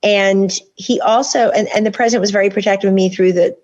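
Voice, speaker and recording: A woman's voice: medium pitch, steady tone, quick pace, darkish tone, muffled recording. A woman guest author in a political interview, making her points in long, insistent runs.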